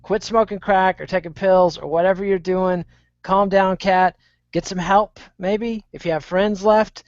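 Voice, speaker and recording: A man's voice: high-pitched, fairly even intonation, unhurried, dry recording. A man on a video call in a casual podcast chat, giving blunt, plain-spoken opinions. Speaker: panelist. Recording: dull, dry online call audio.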